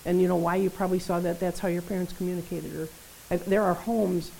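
A woman preaching a sermon in a conversational, animated way, often checking in with her listeners. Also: on the low side, quick pace, creaky, slight background noise, poor audio. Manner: conversational, animated, tag questions.

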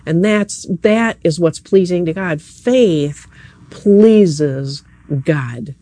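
Earnest, mellow-voiced preacher at an evening service. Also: mid-range voice, very slow. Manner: earnest, conversational, addresses listeners directly. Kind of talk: sermon.

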